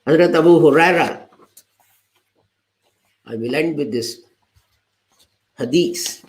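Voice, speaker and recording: A man preaching a sermon with a slightly high voice. He tells his lesson as a story and quotes the people in it. The sound is roomy and echoey. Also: takes it slowly, a little mellow. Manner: retells a parable, quoting its people. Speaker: preacher giving the Friday sermon.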